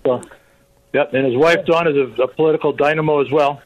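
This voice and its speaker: A man's voice: a little high, steady tone, brisk, no echo. A man in his sixties calling in to a radio show, chatty and rambling, who chuckles along as he talks. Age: 60s. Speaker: caller. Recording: muffled phone line.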